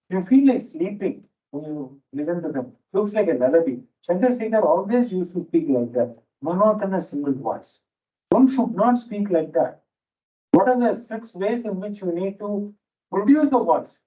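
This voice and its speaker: Lecturing fellow teachers, a man with an Indian English accent tells stories and hammers home key phrases by repeating them. His voice sits high, with lively intonation, a moderate pace, and a warm tone, picked up dully from afar in a lecture hall where a fan whirs noisily.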